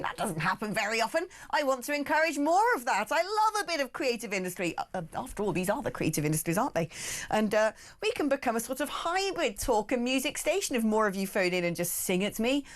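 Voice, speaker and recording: A woman hosts a talk radio show with a fairly high, very lively voice that swoops up and down. She talks briskly and indignantly and drops sarcastic asides.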